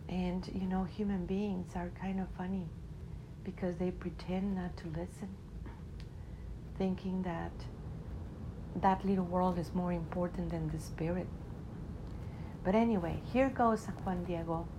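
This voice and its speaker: A woman telling a spiritual story in a reflective, unhurried way, in English that is not her first language. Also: fairly low pitch, fairly even intonation, background noise. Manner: unhurried, reflective, non-native English grammar.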